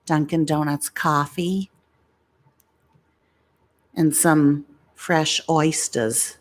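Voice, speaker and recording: Woman impersonating an older Boston ASMR grandpa, folksy, slow, low-ish whispery delivery. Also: level tone.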